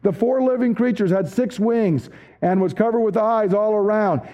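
A man preaching a sermon as a pastor, emphatic, dropping low and slow when he quotes scripture. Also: highs cut off.

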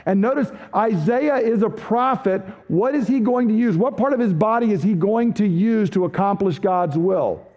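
A man preaching a sermon as a pastor, emphatic, dropping low and slow when he quotes scripture. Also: lively intonation, a little mellow, highs cut off.

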